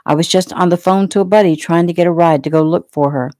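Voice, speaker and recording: A woman voicing a tough, wounded male lawman who talks low, clipped and guarded. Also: fairly even intonation, quick pace, darkish tone, no echo, clean studio sound, lightly acted. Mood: insistent.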